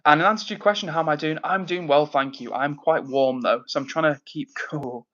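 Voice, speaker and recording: A man hosts a live stream from his home, reading out chat messages one by one and sending shout-outs. His voice sits a little high, and he keeps a cheerful, easygoing manner with lots of ums. The stream audio is dull and slightly lo-fi. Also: a little fast. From England, near Manchester. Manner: friendly, upbeat, lots of fillers and shout-outs. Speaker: livestream host reading chat. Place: indoors at home.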